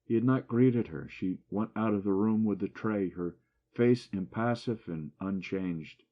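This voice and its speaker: Man, audiobook narrator, very low voice, dull lo-fi sound, classic short story reading. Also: measured pace. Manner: lifts his voice for dialogue, drops for narration.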